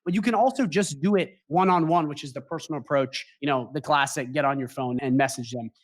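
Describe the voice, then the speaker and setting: A man's voice: fairly high pitch, fast talker. A man as the guest expert, explaining emphatically and checking in with "okay?" as he goes. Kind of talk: casual explanation.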